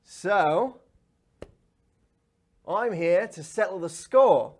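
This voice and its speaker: A brash fairy woman who runs a dueling club, loud and swaggering, as a man puts her on. She calls people love and sounds a little higher than plain talk. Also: animated, very slow, exaggerated voice. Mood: threatening.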